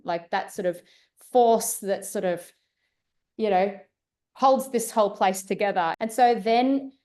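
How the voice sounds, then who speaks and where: A mother speaking earnestly and emotionally in a reflective conversation, often pausing to search for words. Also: lowish voice, a little mellow. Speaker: mother sharing her birth story.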